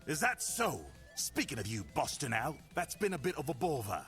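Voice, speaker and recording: An actor playing a gruff, taunting male snake henchman in a video game, with a sneering drawl. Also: a little high, very animated, normal speed, fairly bright tone, faint music behind. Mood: menacing.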